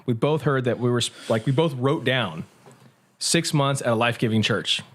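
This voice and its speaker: A man who is a pastor, telling his story in an energetic, conversational interview. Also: medium pitch. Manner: energetic, quick, with restarts. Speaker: pastor and guest.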